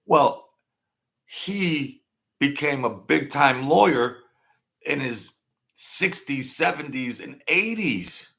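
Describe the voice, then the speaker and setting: Slow gravelly man in his sixties. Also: mid-range voice, expressive, a bit bright. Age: 60s. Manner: chatty, self-mocking, chuckles often. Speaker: channel host. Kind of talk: rambling casual monologue.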